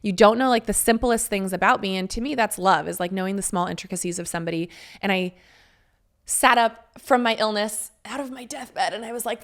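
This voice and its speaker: A woman's voice: medium pitch, brisk, a bit bright. A woman in her thirties hosting a podcast, telling a personal story candidly, chatty and frank with casual swearing. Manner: chatty, frank, swears freely, laughs between phrases. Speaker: podcast host.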